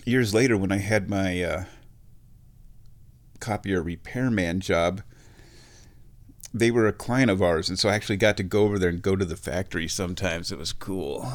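Man, middle-aged, lowish voice, rambling storyteller, chatty, self-mocking. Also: moderate pace, long pauses. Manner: chatty, self-mocking, laughs at his own jokes.

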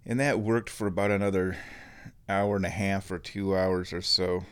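Male vlogger, lowish voice, chatty and meandering, casual home-video storytelling. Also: level tone, normal speed, smooth. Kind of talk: casual rambling vlog.

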